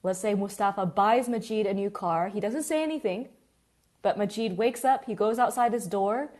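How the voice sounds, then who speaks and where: A woman teaching a live online English class, chatty and lively, greeting students by name as they join. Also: mid-range voice, moderate pace.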